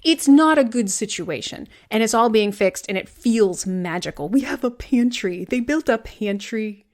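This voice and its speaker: A woman's voice: fairly high pitch, animated, moderate pace. A woman in her thirties from Vermont, co-hosting a podcast in casual, rambling chat, swearing freely and stressing her words. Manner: rambling, profane, emphatic. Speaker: podcast co-host.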